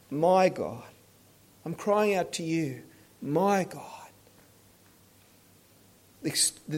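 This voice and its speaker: A man preaches slowly and earnestly, his voice sitting a little high for a man. He stumbles and restarts phrases and often falls to a hushed, pleading tone. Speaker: pastor. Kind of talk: sermon.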